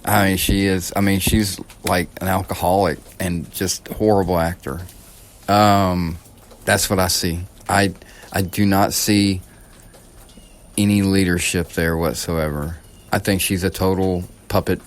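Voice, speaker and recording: A low-voiced man from the United States hosting his own podcast. He talks in a loose, rambling monologue that is blunt and profane, and he often restarts his sentences. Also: little pitch movement, a little slow. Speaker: podcast host. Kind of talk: casual political monologue.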